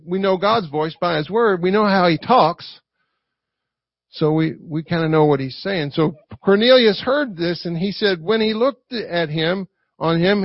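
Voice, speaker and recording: A man with a Southern US accent preaching a lively sermon, acting out quotes and asking the congregation for responses. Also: high-pitched, no room sound. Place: church. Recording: dry, dull lo-fi recording.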